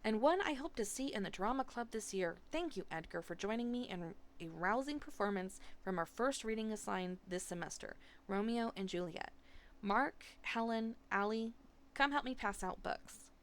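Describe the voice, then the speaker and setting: A woman's voice: medium pitch, lively intonation, moderate pace, lightly acted. A woman doing a grand, dramatic schoolteacher. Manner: grand, declaiming. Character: dramatic middle-aged female English teacher.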